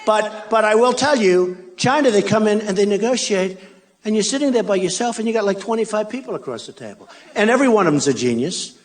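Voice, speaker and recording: A man's voice: sits high, animated, brisk. Boastful older man at a rally. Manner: boastful, repetitive, mocking asides. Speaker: political candidate. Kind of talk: rally speech. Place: large arena. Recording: crowd in a big arena. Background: faint crowd and ambience.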